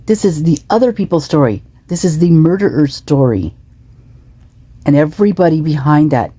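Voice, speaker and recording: A woman with a low, husky voice talks through a clip with indignant, emphatic commentary. She hammers points home by repeating them. The recording is dry and close. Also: dark tone, dry recording. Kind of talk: reaction commentary.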